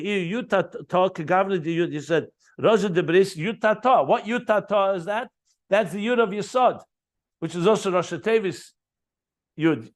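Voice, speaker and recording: High-pitched man teaching a text. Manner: explains, repeats key terms, enthusiastic asides. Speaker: Chassidus teacher. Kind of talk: Talmudic-style text study lesson.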